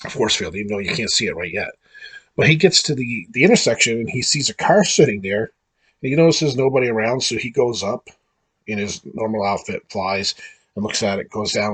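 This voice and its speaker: A man's voice: medium pitch, a bit bright, breathy edge. A man hosting a show, recapping an episode in a rambling, casual way with many fillers. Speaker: host.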